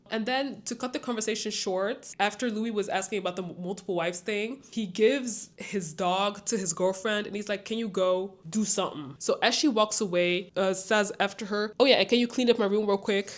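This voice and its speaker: A young woman vlogging a late-night reaction to a documentary, tired, incredulous and sarcastic, often breaking into laughter. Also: mid-range voice. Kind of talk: casual late-night commentary.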